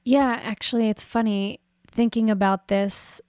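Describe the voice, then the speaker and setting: Smooth, even-toned woman, reflective chat. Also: fairly high pitch, a little slow, dry recording, studio quality. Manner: reflective, spiritual, says "man". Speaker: podcast guest. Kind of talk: casual conversation.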